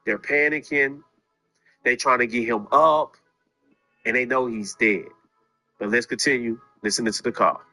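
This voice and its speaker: A man's voice: mid-range voice, fairly even intonation, normal speed, pauses often, bright, forceful tone, faint music behind. A man commentating on a case, speaking emphatically, with rhetorical questions to his viewers. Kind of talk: true-crime commentary.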